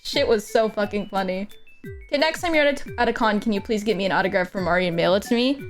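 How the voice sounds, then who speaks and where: A woman's voice: mid-range voice, fast talker, soft background music. A woman streamer and commission artist telling a story casually while she draws, rambling and swearing, with "like" in almost every line. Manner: rambling and profane, heavy use of "like", animated retelling.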